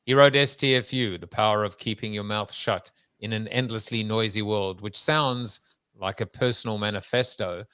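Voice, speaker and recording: A man voicing a deadpan male programmer, reading an introduction in a flat monotone. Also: fairly low pitch, moderate pace, clean tone, dry recording, lightly acted.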